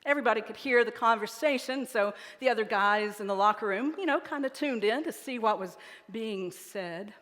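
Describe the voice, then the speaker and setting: A woman's voice: on the high side, normal speed, a bit bright. A woman pastor preaching a sermon in a chapel, telling stories in a conversational way. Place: chapel sanctuary. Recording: reverberant sanctuary.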